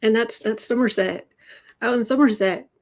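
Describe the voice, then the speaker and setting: A woman's voice: on the high side, normal speed. A woman hosting a tarot livestream, chatting casually and rambling with frequent restarts. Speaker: tarot reader host.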